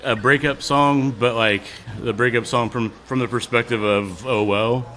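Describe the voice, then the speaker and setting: A man's voice: medium pitch, steady tone, normal speed, pushed and bright, soft background music. A man in his forties, a musician guest, chatting casually with many fillers and frequent laughs. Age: 40s. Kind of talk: casual interview chat.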